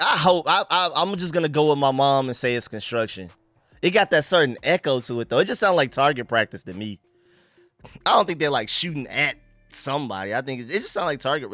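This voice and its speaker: A young man from the United States hosting a live stream, chatting casually and shouting out viewers and donations. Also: medium pitch, expressive, brisk, no echo. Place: home room.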